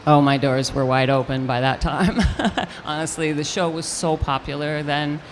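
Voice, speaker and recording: An older woman, an actress, telling a lively anecdote in an interview, acting out the quotes as she goes. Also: low voice, normal speed, a little hiss or hum. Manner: animated storyteller acting out quotes with restarts. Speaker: actress guest.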